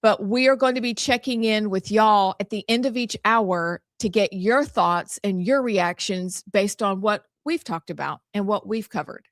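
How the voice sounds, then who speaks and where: A woman's voice: medium pitch, normal speed, hardly any pauses, no echo. A woman, co-hosting a talk show and laying out the schedule in an upbeat way. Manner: upbeat, explains the show's schedule. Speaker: co-host. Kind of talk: casual talk-show chat.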